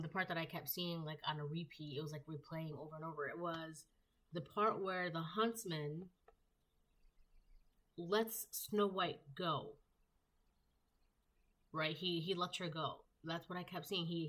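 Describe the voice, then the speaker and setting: A woman with a low voice gives a casual tarot reading. She rambles, full of fillers and restarts. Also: steady tone, unhurried, long pauses, a bit bright. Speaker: tarot reader.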